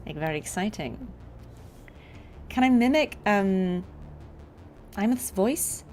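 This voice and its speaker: A woman's voice: mid-range voice, lively intonation, slow pace, darkish tone, faint music behind. A woman voice actor chatting through a game with lots of fillers and rambling asides. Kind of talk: casual let's-play commentary. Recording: game sounds under the voice.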